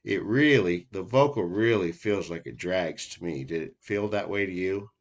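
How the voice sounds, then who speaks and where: A man songwriter talking over feedback on his song, soft-spoken and hesitant. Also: deep voice, normal speed, lo-fi sound. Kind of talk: casual discussion.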